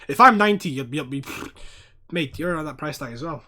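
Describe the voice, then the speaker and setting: A man doing sweary watchalong host, loose chat that flares into shouting at the ref. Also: fairly high pitch, brisk. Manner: excitable, swears a lot, erupts in loud outbursts at fouls; chats to viewers by name, reads chat aloud. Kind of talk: casual live match commentary.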